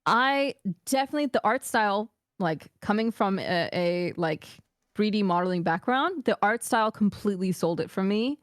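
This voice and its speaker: A woman's voice: mid-range voice, expressive, moderate pace, no room sound. Candid woman streamer, dry close mic. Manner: thoughtful and candidly opinionated. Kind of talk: casual chat.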